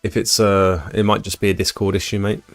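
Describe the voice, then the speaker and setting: Gravelly, low-voiced British man chatting. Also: little pitch movement, brisk, faint music behind. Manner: chatty, answers viewer chat. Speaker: livestream host. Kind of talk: casual live chat.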